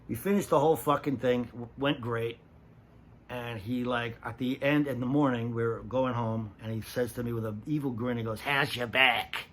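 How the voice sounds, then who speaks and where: Brief: male actor, mid-pitched, profane, animated anecdote. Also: slight background noise. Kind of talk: anecdote told to an audience.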